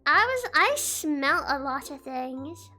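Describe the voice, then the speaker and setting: A young woman streams and chats casually, her high voice bright and sharp. She talks in an excitable, giggly way, full of sarcasm and sudden laughs. Soft music plays faintly behind her. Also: takes it slowly. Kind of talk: casual livestream chat.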